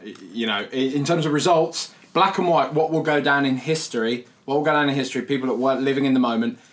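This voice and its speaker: A man from England, co-hosting a casual football podcast and talking in an excitable, halting way. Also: medium pitch. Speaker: podcast co-host.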